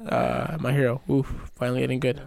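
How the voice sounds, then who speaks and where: A man's voice: medium pitch, flat delivery, a little fast, vocal fry, darkish tone. A man on a casual podcast, gushing with enthusiasm and swearing casually. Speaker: podcast co-host.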